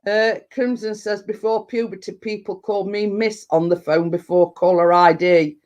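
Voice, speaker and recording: A middle-aged woman with a Yorkshire accent and a slightly deep voice, chatting casually on a livestream and rambling with lots of fillers. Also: fairly even intonation, normal speed, darkish tone. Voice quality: a bit deep. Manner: rambling, full of fillers and restarts. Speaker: livestream host. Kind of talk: casual live chat.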